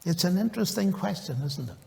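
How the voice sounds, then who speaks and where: A man with a high-pitched voice tells a story in a public lecture, with dry humour, acting out both sides of a remembered conversation. His voice rings with the long reverb of a big lecture hall. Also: expressive, fast, gravelly, warm tone. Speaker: university professor giving a public talk. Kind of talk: anecdotal lecture with recounted dialogue.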